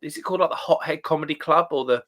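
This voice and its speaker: A man's voice: on the high side, very fast, a bit bright. A man hosting a casual beer live stream, chatting, reading out viewer comments and calling people mate. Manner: chatty, laughs often, calls people mate.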